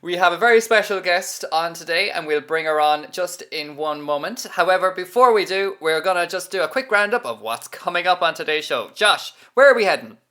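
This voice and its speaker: A man's voice: high voice, expressive, a little fast, hardly any pauses, sharp tone. A man co-hosting a podcast, chatting in a playful, rambling, self-mocking way. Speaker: podcast co-host. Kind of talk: casual chat.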